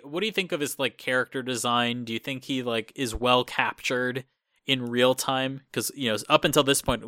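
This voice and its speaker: Casual male podcast host, bright forward tone, rambly, dry close sound. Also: medium pitch, dry recording. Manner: rambling, many fillers and restarts.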